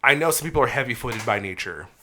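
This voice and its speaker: A man's voice: medium pitch, fast talker, slight background noise. Profane, heated podcast host man. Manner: animated storytelling. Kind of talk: casual podcast chat.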